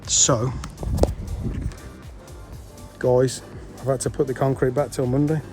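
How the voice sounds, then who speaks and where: Man, builder-vlogger, talks to camera outdoors, mid pitch, music bed behind. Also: level tone, slow. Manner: chatty, mild swearing, calls viewers guys. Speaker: pond builder vlogging his project. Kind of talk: casual on-site vlog. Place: outdoor building site in a garden. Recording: music playing underneath.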